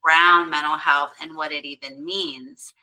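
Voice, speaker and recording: A woman's voice: low-pitched, animated, moderate pace, vocal fry, bright, forceful tone, poor audio. A middle-aged woman who runs mental health workshops, talking earnestly and explaining through examples in a conversational interview.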